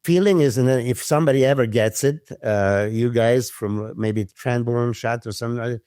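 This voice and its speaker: A man, a podcast guest telling stories in casual chat, animated, swearing freely and acting out what others said. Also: medium pitch, moderate pace, dry recording, clean studio sound. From Serbia. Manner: animated storyteller who swears freely and acts out quotes. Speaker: podcast guest, former pro bodybuilder.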